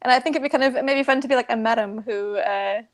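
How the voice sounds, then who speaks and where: A woman with a somewhat high voice is a player in a casual tabletop game. She gives her ideas hesitantly, with many fillers. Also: fast.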